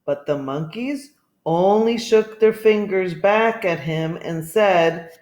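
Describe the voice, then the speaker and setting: A woman reading a children's picture book aloud, expressive and asking listeners questions. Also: lowish voice, slow pace. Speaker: storybook reader. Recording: echoey room.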